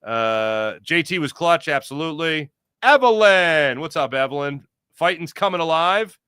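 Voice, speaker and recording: A man's voice: on the high side, measured pace, clean tone, no echo, clean studio sound. Upbeat man hosting a sports podcast. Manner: energetic, rambling, jokey. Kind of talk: live postgame chat reading viewer comments.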